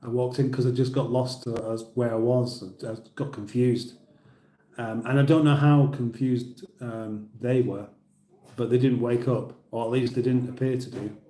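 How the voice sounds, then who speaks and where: Middle-aged British male streamer, casual rambling banter, mellow voice, echoey room. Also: medium pitch, steady tone, moderate pace. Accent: British English. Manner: chatty, rambling, laughs at his own jokes. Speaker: livestream host. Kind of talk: casual livestream chat reading comments.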